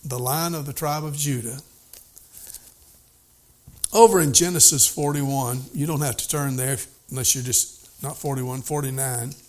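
A man preaching a sermon, reading scripture aloud in old wording and explaining it plainly, his voice rising to emphatic and dropping to hushed. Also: medium pitch, steady tone, a little slow, pauses often. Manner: voice rises and falls widely, at times emphatic, at times hushed.

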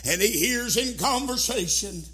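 A middle-aged preacher man with a very high, bright and forceful voice, delivering a revival sermon in rising sing-song cadences that drop to hushed pleading. Faint music plays softly behind him. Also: animated, measured pace, echoey room. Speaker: pastor. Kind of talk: Southern Baptist revival sermon.

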